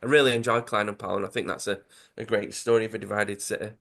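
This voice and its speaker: A man's voice: fairly low pitch, quick pace, gravelly. A man with a Dudley accent casually retelling a football comic story on a podcast, acting out the quotes. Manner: animated storyteller, acts out quotes with self-corrections. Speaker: podcast co-host.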